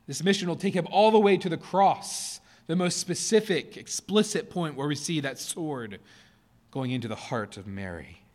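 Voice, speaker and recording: A male pastor preaching from the pulpit in a church sanctuary. His voice sits at an ordinary middle pitch. He talks earnestly, leaning hard into key phrases and then easing off into quieter, gentler passages. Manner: earnest, rising to emphatic stresses then dropping soft. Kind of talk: sermon.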